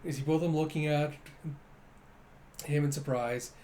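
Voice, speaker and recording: Animated man reading comics aloud. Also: a little high, a little hiss or hum. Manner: animated, laughs often, quick asides. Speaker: comic reader and reviewer. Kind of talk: casual comic read-through with commentary.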